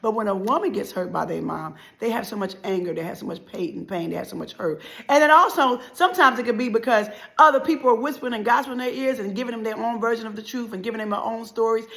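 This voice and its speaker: Bright-voiced woman preaching with passion. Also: fairly high pitch, fast talker, vocal fry, few pauses. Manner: preacherly, repetitive cadence with sudden loud and soft swings. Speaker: motivational life speaker. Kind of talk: impassioned motivational speech.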